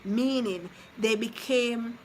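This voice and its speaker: A woman in her thirties talking on a live stream, her voice set a bit high. She rambles and circles back in a heartfelt, personal way. There is steady noise under the voice. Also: slow, rough recording. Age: 30s. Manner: rambling and heartfelt, repeating herself, talking to viewers. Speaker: vlogger reading live chat. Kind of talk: casual live-stream chat.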